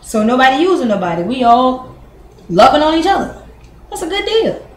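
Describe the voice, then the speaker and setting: A woman's voice: high voice, big pitch swings, normal speed, a little hiss or hum. A woman giving her niece blunt relationship advice in casual talk. She swears freely and acts out both sides of conversations. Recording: echoey room with faint ambience.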